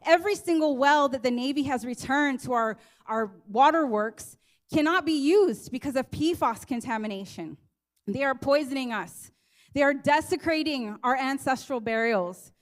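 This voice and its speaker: Woman, activist speaker, impassioned, earnest, high voice, rally speech. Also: animated, moderate pace. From Guam. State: emotional, near tears. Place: teach-in event hall.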